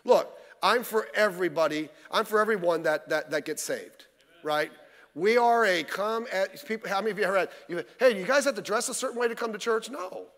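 High-voiced pastor preaching in a big echoing hall. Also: male voice, brisk, a bit bright. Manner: conversational, folksy preaching with rhetorical questions. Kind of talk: sermon. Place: church. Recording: reverberant church hall.

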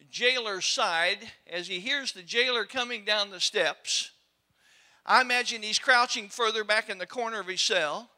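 A man's voice: very high-pitched, bright, forceful tone. A male preacher giving a sermon, telling scripture stories dramatically and acting out the scenes with his congregation.

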